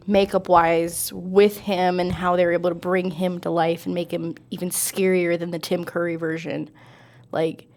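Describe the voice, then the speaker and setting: A young adult woman co-hosting a casual chat, upbeat and teasing and quick to laugh. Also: lowish voice. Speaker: co-host.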